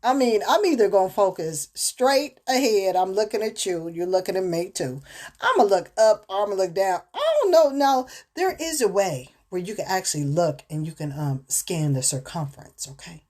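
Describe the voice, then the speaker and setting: A woman's voice: medium pitch, big pitch swings, moderate pace, darkish tone. A woman hosting her own show, talking in a rambling, chatty way with many fillers and restarts. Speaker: host. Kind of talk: casual spoken monologue.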